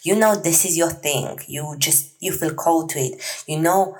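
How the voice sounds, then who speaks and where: A woman in her thirties hosting a solo podcast, talking in an earnest, chatty way with many fillers and soft laughs. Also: low-pitched, moderate pace, poor audio. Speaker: podcast host.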